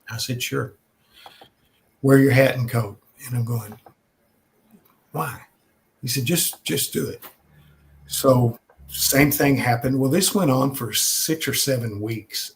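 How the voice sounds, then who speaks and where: An older man from Texas, telling stories in a casual way with many pauses and restarts. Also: medium pitch, slight background noise. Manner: conversational, many "uh" and repeated starts. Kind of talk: casual storytelling.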